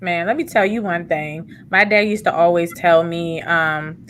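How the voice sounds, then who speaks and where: A woman's voice: fairly low pitch, unhurried, fairly bright tone, slight background noise. A woman hosting a casual group chat podcast, laid-back and easygoing, who says y'all and facts. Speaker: podcast host.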